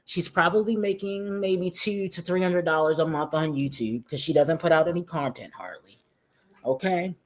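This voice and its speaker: A woman with a somewhat low voice runs a casual commentary, chatting directly with her audience. She keeps calling out to the viewers as she talks things over. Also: normal speed. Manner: chatty, addresses viewers as guys and y'all. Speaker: commentary YouTuber.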